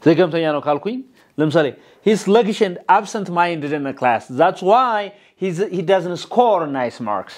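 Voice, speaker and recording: In a classroom English lesson, this Ethiopian-accented man, whose first language is Amharic, gets students to echo words back to him. He talks quickly in a high, animated voice.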